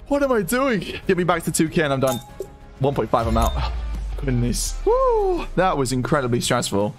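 A young man giving live, excitable commentary on online casino bets, counting numbers aloud and exclaiming at every win. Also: medium pitch.

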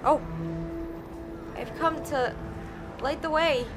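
A young woman gaming streamer provides let's play commentary, talking to herself through the game in an emotional, exclamatory way. Her voice is high-pitched with fairly even intonation, and she speaks slowly. Game music plays behind her voice.

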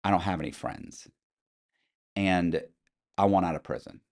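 A middle-aged man telling animated stories as a podcast guest, acting out quoted voices with some swearing. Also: sits low, moderate pace. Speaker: interview guest. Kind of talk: storytelling in a podcast interview.

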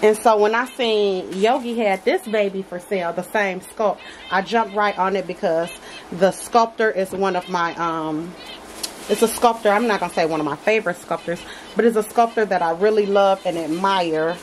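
A woman's voice: medium pitch, moderate pace, a little hiss or hum, rough recording. Gushing woman unboxing a doll at home. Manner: gushing, affectionate, addresses viewers as y'all. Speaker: reborn doll collector vlogger. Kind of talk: casual unboxing chat. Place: dim home nursery.

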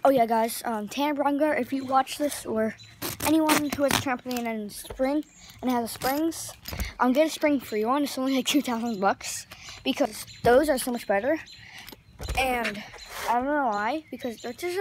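A woman's voice: sits high, normal speed, noisy background. A woman chatting casually for a vlog outdoors on a trampoline, rambling with lots of fillers. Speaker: vlogger.

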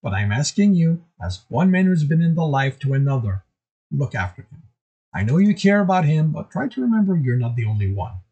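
A man voicing a middle-aged male portmaster who pleads and argues in frustration, with a husky voice. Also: fairly high pitch, big pitch swings, brisk, mellow, lo-fi sound, full character voice. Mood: exasperated.

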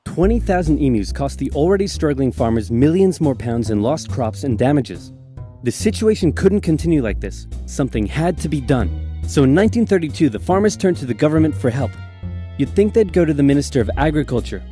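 A man's voice: on the high side, a little fast, faint music behind. Wry man narrating comic history. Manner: wry, deadpan asides.

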